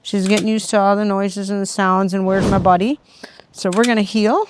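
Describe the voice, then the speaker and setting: A middle-aged woman talks through a casual training vlog while out on a walk. Her voice sits at an ordinary pitch and stays calm and explanatory. Now and then it lifts into high, sing-song calls of praise for a puppy. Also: fairly quick, background noise. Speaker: dog owner and trainer. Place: outdoors on a neighborhood walk.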